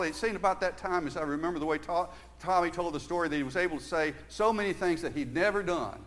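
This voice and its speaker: An older man preaching a sermon, earnest, moving between emphatic stresses and quiet, hushed stretches. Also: a little high, fast, hardly any pauses. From Southern United States.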